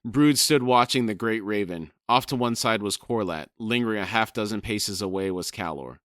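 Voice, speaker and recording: A man with a fairly low voice reads a fantasy novel aloud in a measured pace, breaking off to chat about it. The recording is dry and close, with no room sound. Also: fairly bright tone, dry recording. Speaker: podcast co-host and reader. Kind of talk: reading a novel aloud and discussing it.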